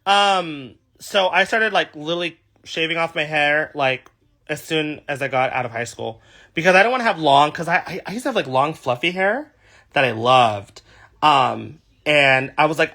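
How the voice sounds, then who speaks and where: A young man from California talks to viewers on a livestream through his phone. His voice sits a little high and rings bright. His pitch swoops up and down with animated, chatty energy as he reads comments aloud. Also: moderate pace. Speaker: drag performer. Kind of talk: casual livestream chat.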